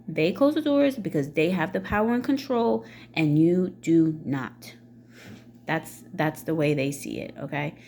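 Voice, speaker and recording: Blunt swearing woman with a low voice. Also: unhurried, darkish tone, a little hiss or hum. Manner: blunt, swears freely, many fillers. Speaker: vlogger. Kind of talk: casual ranting monologue.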